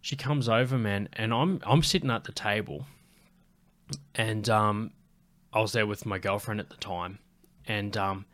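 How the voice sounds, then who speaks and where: A man's voice: on the low side, unhurried, pauses often. A young man telling a loose, profanity-heavy story as a podcast host in casual chat. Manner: loose, swearing, animated storyteller.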